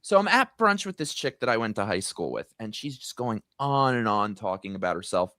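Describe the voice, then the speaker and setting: A middle-aged man hosts a casual live stream and tells a story about running into someone years ago. His pitch climbs and falls a lot as he tells it, and the sound is dry and close to the mic. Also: brisk, few pauses, dry recording. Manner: chatty, storytelling, swings high in pitch when excited. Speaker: host.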